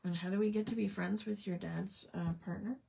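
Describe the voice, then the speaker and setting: Woman, craft show host, casual livestream chat, husky gravelly voice, computer mic at home. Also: medium pitch, steady tone, a little fast, dark tone. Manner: chatty, muttering to herself as she works.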